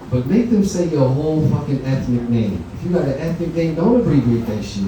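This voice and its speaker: A man performs a stand-up set indoors in a comedy venue lounge, telling loose, profane stories in a conversational style. His voice is fairly high and moderately paced, recorded from far off in an echoey room with a noisy background.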